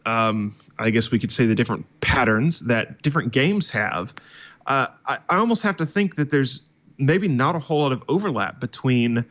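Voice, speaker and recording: A man's voice: mid-range voice, animated, normal speed, fairly bright tone, muffled recording. A man hosting a tech podcast, asking careful questions with some hesitation. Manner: thoughtful, hesitant questions with fillers. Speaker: podcast host. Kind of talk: interview questions.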